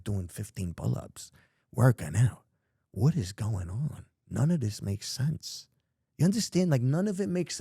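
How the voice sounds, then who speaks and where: A man's voice: lowish voice, vocal fry, mellow, slightly rough, no echo, studio quality. A middle-aged man, a podcast guest telling his life story in blunt, profane street talk. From New York. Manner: profane, street-talking, emphatic. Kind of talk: candid storytelling.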